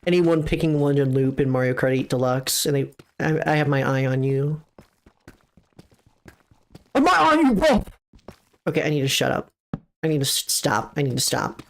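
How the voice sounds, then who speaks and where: A young woman streaming a game live, chatting casually with her viewers, excitable and swearing, often jumping into high squeals. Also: fairly quick.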